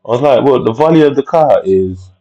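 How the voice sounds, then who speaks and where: A man's voice: mid-range voice, animated, a little fast, mellow, highs cut off. A man with telling an angry personal story, rambling and profane, full of tag questions. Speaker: vlogger.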